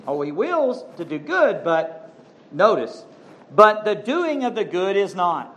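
Male pastor, fairly high voice, emphatic and animated, reads scripture and comments to the congregation. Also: moderate pace. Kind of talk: sermon with scripture reading.

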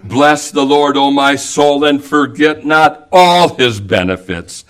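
A man preaching an evangelical sermon, slow and emphatic, quoting King James scripture at length. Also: on the high side, a bit bright.

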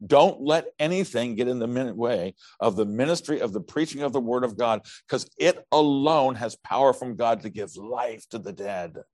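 A middle-aged man preaching a sermon, animated and humorous, acting out biblical characters as he tells their stories. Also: medium pitch, dry recording. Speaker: pastor.

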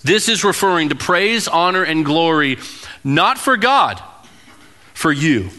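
A man in his thirties preaching a sermon as pastor, telling personal stories earnestly and dropping to a hushed tone for emphasis. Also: on the high side, very animated, a little slow.

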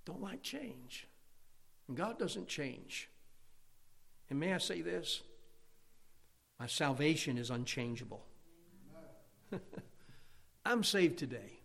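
A man preaches an emphatic sermon, his voice pitched a little high. His words swell and drop in loudness as he drives each point home. The sound rings with the long reverb of a church hall. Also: sing-song, slow, creaky, pauses often. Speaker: pastor.

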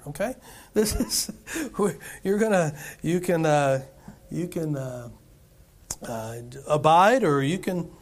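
A middle-aged man preaching a sermon in a church, talking with the congregation in a conversational way and asking them questions. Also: a little high. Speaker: pastor. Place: church sanctuary.

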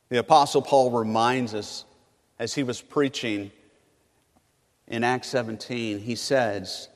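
A man from California preaching a sermon, swinging between loud emphatic bursts and hushed, low phrases. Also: steady tone, slow pace, pauses often, in a large hall. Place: large hall on a college campus.

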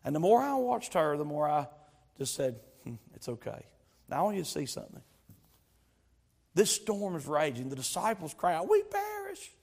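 A male pastor, preaching a sermon that moves from quiet storytelling to loud exhortation. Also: fairly high pitch, animated, moderate pace, gravelly, long pauses.

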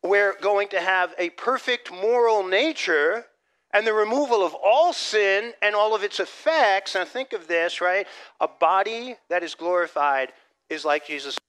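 Animated preacher, high bright voice. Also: male voice, unhurried, clean tone. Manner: animated preaching, swinging from loud emphasis to soft, near-whispered asides; repeats words as he restarts phrases. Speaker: pastor. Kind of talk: sermon.

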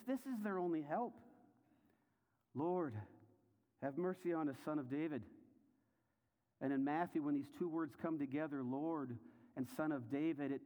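Male preacher in a reverberant hall. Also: fairly high pitch. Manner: storytelling, asks listeners questions, swings between hushed and rising intensity. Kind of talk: sermon.

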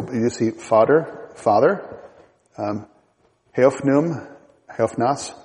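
A middle-aged man teaching a Bible class in a relaxed, halting way, with fillers and restarts. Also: lowish voice, long reverb tail, poor audio. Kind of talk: church class lecture.

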